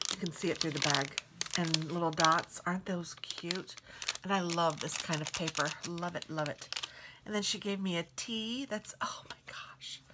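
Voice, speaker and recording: A woman vlogger casually showing off craft mail she received, gushing softly and sometimes dropping to a whisper. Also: medium pitch, slight background noise, low-quality recording. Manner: gushing, soft-spoken, drifts into whispers. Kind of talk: casual show-and-tell unboxing.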